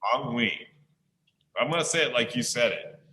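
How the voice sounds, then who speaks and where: A male teacher reading a story aloud to an online class, pausing often to ask the listeners questions. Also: medium pitch, sharp tone. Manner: slow, pausing to quiz listeners. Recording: echoey room sound.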